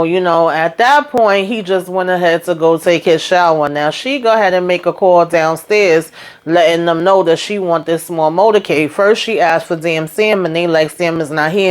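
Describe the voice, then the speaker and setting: A woman hosting a casual TV episode recap, retelling scenes in lively quoted voices with frequent asides, while coming down with a cold. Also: lowish voice, normal speed. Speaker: TV recap host.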